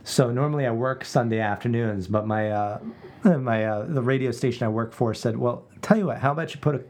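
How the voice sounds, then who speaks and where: A man's voice: medium pitch, fairly quick, a little mellow. Easygoing man co-hosting a podcast. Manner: easygoing, dry joking, many restarts. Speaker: podcast co-host and radio worker. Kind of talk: casual podcast chat. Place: home podcast room with blankets on walls.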